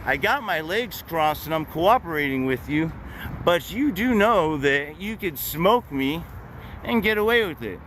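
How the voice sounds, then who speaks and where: A man's voice: fairly high pitch, expressive, a little slow, a bit bright. Blunt, profane man vlogging with traffic behind. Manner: blunt, profane street talk with wry laughs. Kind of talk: casual street monologue.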